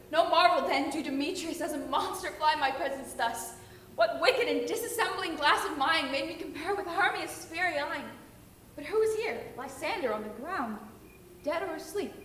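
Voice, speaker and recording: A woman's voice: high-pitched, moderate pace, a bit bright, slight background noise. A young woman playing a heartsick, spurned maiden, speaking pleading verse on stage, recorded from far off in an echoey room. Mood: plaintive.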